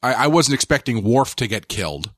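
A man co-hosting a podcast, talking casually in halting restarts with deadpan jokes. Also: medium pitch, dry recording, studio quality. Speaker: podcast co-host.

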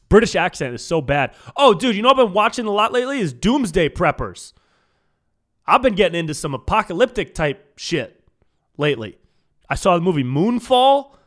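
A man hosting a casual solo podcast, rambling and swearing, calling the listeners dude. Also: on the high side. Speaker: podcast host.

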